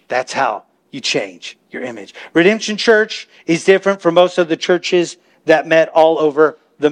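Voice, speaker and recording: A man preaching a sermon as pastor, talking to the congregation in a chatty way and building to impassioned shouts. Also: a little high. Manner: impassioned, rising to shouts, conversational asides to the congregation. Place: church sanctuary.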